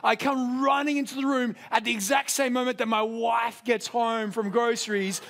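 A young man preaches a sermon in a high, animated voice. He tells personal stories with self-deprecating humor, speeding up and then slowing for emphasis. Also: creaky. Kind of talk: sermon with storytelling.

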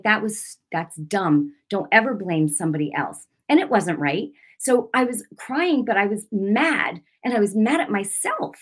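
A middle-aged woman telling a personal faith testimony in a preachy way, with many fillers and restarts, rising into intense acted-out prayers. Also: mid-range voice. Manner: emotional, animated retelling with many fillers and restarts; acts out her own prayers and rebukes in a raised, intense voice. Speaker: Christian speaker giving a testimony.

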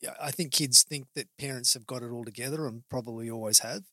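A man's voice: medium pitch, fast talker, pushed and bright, no echo, clean studio sound. A man hosting a casual chat as a psychologist, reflective and asking leading questions. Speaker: psychologist host.

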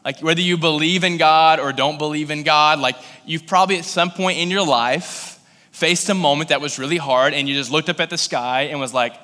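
A man's voice: on the high side, fairly even intonation, normal speed, sharp tone, in a large hall. A man from Kentucky preaching a sermon in a casual, conversational way, growing intense and pleading in prayerful passages. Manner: conversational, filler-heavy storytelling. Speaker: pastor.

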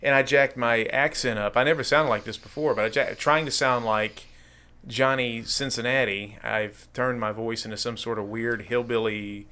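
Animated storytelling man in his forties. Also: medium pitch, moderate pace, clear, resonant tone. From Baltimore. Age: 40s. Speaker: radio host and wrestling personality. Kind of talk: casual conversation.

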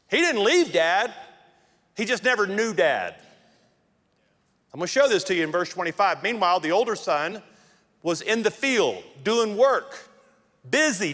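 A man preaching a sermon as pastor, emphatic, with dramatic pauses and acted-out quotes. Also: sits high, fairly bright tone, in a large hall.

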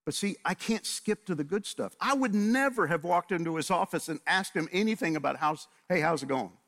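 Animated storytelling pastor, man. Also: high-pitched, fairly quick. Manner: animated storyteller, acts out both sides of conversations. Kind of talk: sermon with storytelling.

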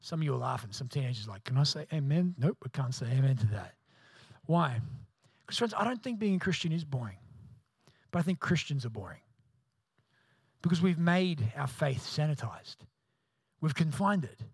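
High-voiced pastor telling a comic story. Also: male voice, normal speed, long pauses, breathy edge, no room sound. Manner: animated, self-mocking storyteller acting out voices.

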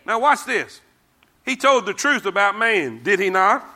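A man's voice: sits high, sing-song, measured pace, pushed and bright. A man preaching a sermon, emphatic and repetitive, leading the congregation to read verses with him. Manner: emphatic, repeats phrases, calls congregation to respond.

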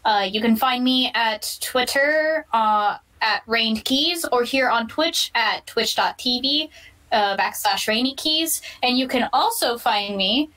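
Casting: upbeat female player, bright, a bit high. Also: slow pace, far from the mic, low-quality recording. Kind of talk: casual self-introduction.

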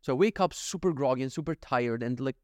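Rambling, swearing podcast host, dry close sound. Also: male voice, mid-range voice, fast talker, darkish tone, no room sound. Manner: rambling, jokey, swears freely, acts out little scenes. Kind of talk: casual solo podcast monologue.

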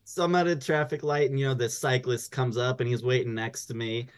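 A man playing a pushy but friendly court-ordered boxer in an improvised comedy scene, chummy and fast to egg others on. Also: medium pitch, level tone, clean tone, natural voice. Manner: chummy, pushy, talks over himself. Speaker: improv guest.

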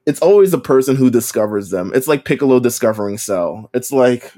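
A man's voice: mid-range voice, animated, a little fast, few pauses, dark tone. A man co-hosting a podcast, recapping an anime episode in casual chat, acting out characters' lines and laughing often. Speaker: podcast co-host.

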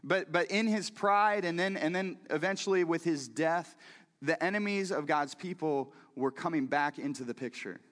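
A man's voice: a little high, moderate pace, fairly bright tone, in a large hall. A man preaching a conversational sermon who keeps putting questions directly to his listeners. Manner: talks directly to the audience with questions.

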